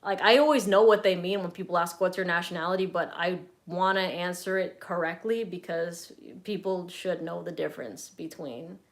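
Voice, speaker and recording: A woman's voice: on the low side, normal speed, few pauses. Chatty, blunt young woman streaming live. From Southern California. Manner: chatty, blunt, swears freely, reads out viewer comments. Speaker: fragrance reviewer and streamer.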